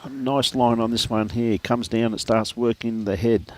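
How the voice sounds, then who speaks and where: A man's voice: mid-range voice, steady tone, moderate pace. A man with an Australian accent giving live lawn bowls commentary outdoors, chatty and laughing often as he greets viewers by name. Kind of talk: live sports commentary and casual chat.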